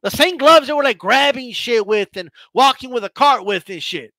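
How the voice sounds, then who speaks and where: A boxing channel host with a very high, bright, sharp-edged voice delivers a casual rant thick with profanity, expressive and at normal speed. As he fires up he stammers and restarts sentences, and the recording is close and dry with no echo.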